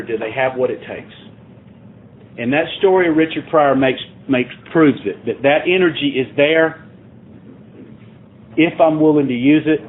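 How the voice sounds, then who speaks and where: Guy sharing his recovery story, earnest and plain, sounds tinny like over a phone. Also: medium pitch. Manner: earnest, plainspoken, builds to emphatic points. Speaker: recovery meeting speaker. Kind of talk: personal recovery talk.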